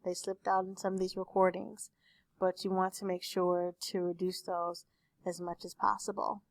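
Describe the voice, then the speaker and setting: A woman speech teacher recording a lecture for her class on a desktop microphone, explaining terms slowly with examples. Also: on the low side, level tone, dry recording. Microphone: desktop USB microphone.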